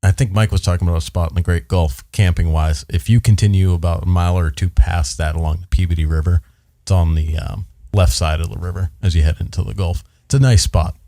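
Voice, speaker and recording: A man's voice: sits low, fairly even intonation, fast talker, vocal fry, hardly any pauses, mellow, dry recording, clean studio sound. A man appearing as a guest on a podcast, giving short matter-of-fact answers. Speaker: guest hiker. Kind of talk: casual podcast chat.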